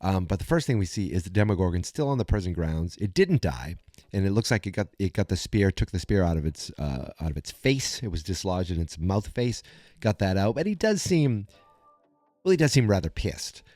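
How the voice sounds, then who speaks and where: A man hosts a podcast and recaps an episode in a chatty, animated way. His voice sits a little low. The recording is close and dry with no room sound. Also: fairly quick, no room sound. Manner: chatty, animated storytelling with many fillers and restarts. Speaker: podcast host.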